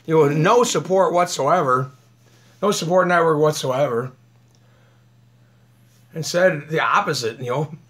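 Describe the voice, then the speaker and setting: High, bright-voiced rambling man. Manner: rambling, laughs often, talks while eating; aggrieved, combative. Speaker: vlogger. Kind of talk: rambling live video chat.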